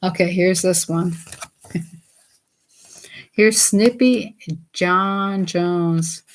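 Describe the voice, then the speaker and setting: Woman, slow, low-ish voice, giggly read-aloud vlogger who chats to viewers. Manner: chatty, giggly, talks to viewers, reads slowly. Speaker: vlogger reading children's books. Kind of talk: casual read-aloud chat.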